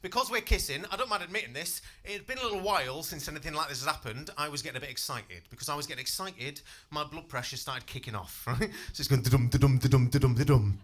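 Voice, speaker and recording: A man's voice: fairly high pitch, lively intonation, fast, few pauses, sharp tone. A man in his twenties doing a stand-up comedy set on a club stage, cheeky and self-deprecating, swearing freely and bantering with the crowd. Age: 20s.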